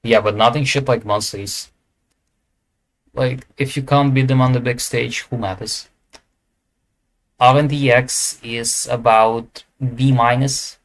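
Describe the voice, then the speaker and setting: A man's voice: medium pitch, fairly even intonation, slow pace, long pauses. Man, casual ranking commentary, hesitant, lots of fillers, self-corrections, mid-range voice. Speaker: esports tier list creator.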